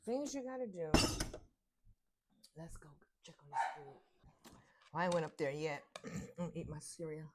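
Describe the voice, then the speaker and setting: A woman's voice: sits low, animated, moderate pace, long pauses, very noisy. An older woman, a grandmother, chatting casually through her morning chores at home. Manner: chatty, talks to herself while doing chores. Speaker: vlogger. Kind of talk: casual morning vlog narration. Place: home kitchen.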